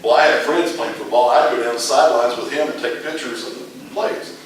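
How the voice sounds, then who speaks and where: A man's voice: medium pitch, a little fast. A middle-aged man teaching a casual Bible class, rambling through stories with frequent restarts. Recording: echoey room, mic far off, noisy.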